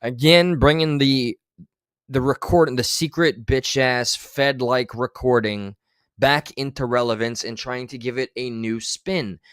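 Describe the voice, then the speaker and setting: A streamer comments on clips during a livestream, his mid-range voice unhurried, fairly even in intonation, and fairly bright, recorded dry. He's blunt and sarcastic, swearing a lot over the clips.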